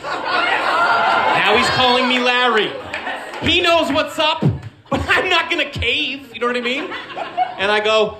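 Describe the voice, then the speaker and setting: A man telling a comic story, acting out the voices of the people in it in an animated way. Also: extremely high pitch, slow pace, pauses often, heavy background noise.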